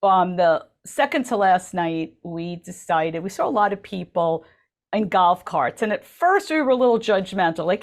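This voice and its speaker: A woman's voice: lowish voice, expressive, normal speed. A woman co-hosting a radio talk show, telling a story in an enthusiastic, chatty way full of ums. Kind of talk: casual chat. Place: radio studio.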